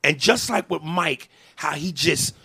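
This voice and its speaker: A man's voice: on the high side, animated, measured pace, vocal fry, pushed and bright, breathy edge, no echo. A man, a comedian hosting a podcast, venting in a heated, profane way during a conversation.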